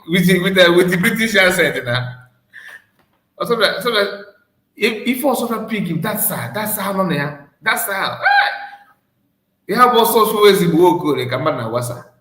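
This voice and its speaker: Nigerian guy roasting a clip, keeps laughing n repeating himself, kinda high voice, echoey room. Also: animated, moderate pace, bright, forceful tone. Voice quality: laughs often and repeats himself, mixing in Igbo. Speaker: commentary host. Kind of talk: mocking reaction commentary.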